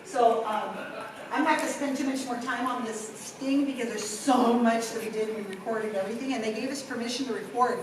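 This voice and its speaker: A middle-aged woman giving a workshop talk, telling a story with lively, acted-out quotes. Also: a little high, a little fast, background noise. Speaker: workshop presenter. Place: conference room. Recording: echoey room from far off.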